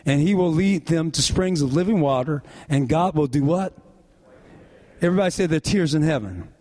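A man's voice: expressive, fairly quick, darkish tone. A male pastor preaching a sermon, leading the congregation in call-and-response. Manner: call-and-response preaching, rising and falling in pitch.

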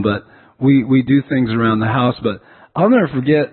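A man's voice: medium pitch, a little fast, slightly rough. A man preaching a sermon as a pastor, telling stories and often repeating words as he restarts. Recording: tinny phone-like sound.

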